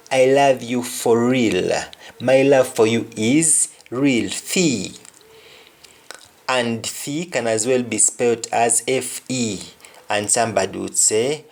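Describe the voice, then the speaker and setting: A man's voice: mid-range voice, unhurried, a little mellow. A man teaching a language lesson, saying each example phrase several times and then translating it. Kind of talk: slow spoken lesson with spoken examples.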